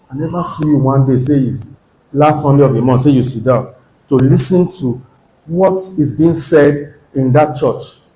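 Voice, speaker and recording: A man's voice: on the high side, mellow. A man with a Nigerian accent preaching a sermon in church, earnest and exhorting, often pressing the congregation with rhetorical questions. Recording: echoey church hall.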